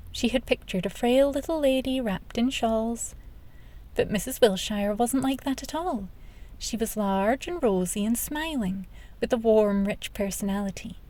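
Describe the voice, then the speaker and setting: A woman narrating a children's audiobook in a gentle, measured way. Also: fairly high pitch. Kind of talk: scripted children's book narration.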